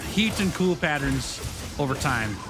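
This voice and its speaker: Unhurried and a little high, this young streamer's voice has lively intonation, with game music playing underneath. He casually chats with viewers as he plays, staying upbeat, laughing often, and naming people as he greets them.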